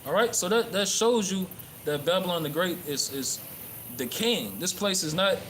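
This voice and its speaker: Guy street-preaching in a park, swears a lot, lots of um and uh, kinda high voice, outdoor noise behind him. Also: lively intonation, moderate pace, a bit bright, low-quality recording. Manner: profane, rambling with many fillers and restarts. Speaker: religious livestreamer. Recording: clear outdoor background noise.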